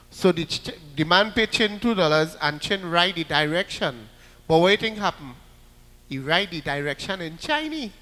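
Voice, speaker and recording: A man with a Trinidadian accent telling jokes on stage, loud and lively, slipping into put-on voices. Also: high-pitched, moderate pace, long reverb tail. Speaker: comedian. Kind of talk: stand-up joke telling.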